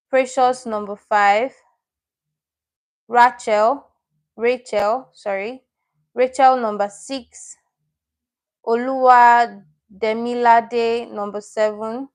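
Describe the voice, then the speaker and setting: Chatty woman teaching a live class. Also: fairly high pitch. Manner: chatty, repeats and corrects herself; reads out viewers' names and comments. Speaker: online Korean teacher. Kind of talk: live-stream lesson.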